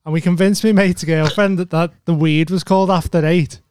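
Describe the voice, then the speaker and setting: A man's voice: high-pitched, steady tone, brisk, a little mellow, clean tone, no room sound, studio quality. A laid-back man co-hosting a podcast, telling an anecdote and laughing easily. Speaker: podcast co-host. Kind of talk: casual banter.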